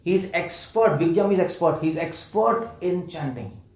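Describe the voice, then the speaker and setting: A man's voice: fairly high pitch, animated, normal speed, a little mellow. A man, preaching a scripture lecture and questioning a live audience, playfully repeating words for emphasis. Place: temple hall. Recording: roomy hall echo.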